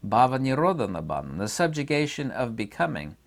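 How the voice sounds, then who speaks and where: A man's voice: medium pitch, big pitch swings, brisk, gravelly. Emphatic man lecturing on philosophy. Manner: emphatic and argumentative, repeats for stress. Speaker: channel host. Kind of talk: unscripted philosophy lecture to camera.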